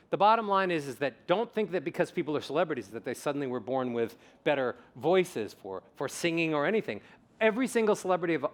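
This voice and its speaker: A man in a vocal-coach role addresses a live conference audience and answers their questions. His voice sits a touch high for a man, and his delivery is animated and emphatic. He leans on repeated words to drive a point home. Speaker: vocal coach and summit speaker.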